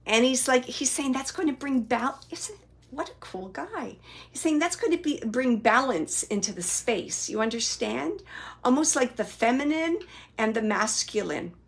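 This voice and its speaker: Woman medium doing live readings, gravelly and a bit husky, lots of um and like. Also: high-pitched, expressive. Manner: loose, halting delivery full of "like" and "um"; relays messages from spirits in the first person. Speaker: psychic medium and host.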